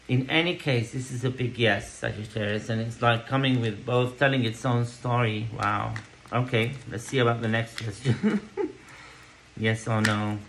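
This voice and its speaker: A man's voice: medium pitch, a bit bright, slight background noise, low-quality recording. A man giving a tarot card reading to camera, reassuring, checking in with "okay?" and "yeah?" between thoughts. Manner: reassuring, repeats "okay?" often. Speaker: tarot reader.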